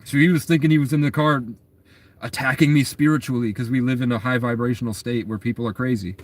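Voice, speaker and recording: A man's voice: mid-range voice, fairly even intonation, quick pace. Agitated young man rambling through a story. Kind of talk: casual storytelling monologue.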